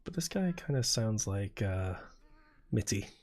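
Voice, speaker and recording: A soft-spoken man in his twenties, chatting casually while streaming a game. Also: sing-song, unhurried. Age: 20s. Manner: quiet, low-key and soft-spoken. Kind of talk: casual chat while gaming.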